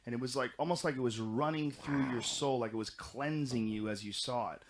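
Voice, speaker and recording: Man telling stories, animated and profane. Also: medium pitch, a little fast, slight background noise. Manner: animated, profane, rambling storytelling. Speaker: podcast guest recounting experiences. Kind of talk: casual podcast conversation.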